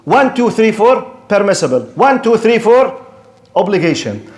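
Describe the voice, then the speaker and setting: Animated man giving a religious lecture. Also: sits high. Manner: animated and rhetorical, mimics objectors in quick asides. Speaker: Islamic lecturer. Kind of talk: lecture to an audience.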